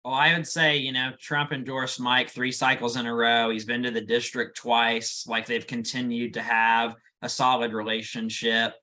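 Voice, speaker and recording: Flat, bright-toned man speaking. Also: mid-range voice, normal speed, hardly any pauses. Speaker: panelist. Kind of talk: casual political discussion.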